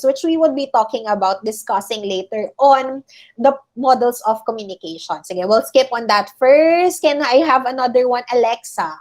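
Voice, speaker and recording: Filipino woman teacher, higher voice. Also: darkish tone. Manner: explains patiently, often checking in with "okay?" and "all right?". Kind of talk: online class lecture. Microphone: video call.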